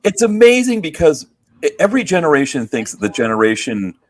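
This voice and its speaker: A man's voice: a little high, very animated, brisk. A middle-aged man co-hosting a podcast, chatting casually and rambling with lots of fillers. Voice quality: rambling, heavy on fillers, laughing agreement. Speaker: podcast co-host. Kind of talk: casual chat.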